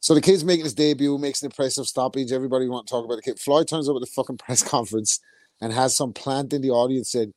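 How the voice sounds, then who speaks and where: Sweary animated man. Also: medium pitch, quick pace, no echo, clean studio sound. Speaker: podcast co-host. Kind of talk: casual boxing chat.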